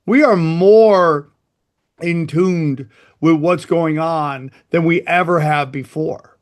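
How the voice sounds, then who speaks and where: Blunt, profane man, higher voice. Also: slow pace. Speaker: podcast host. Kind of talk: casual chat.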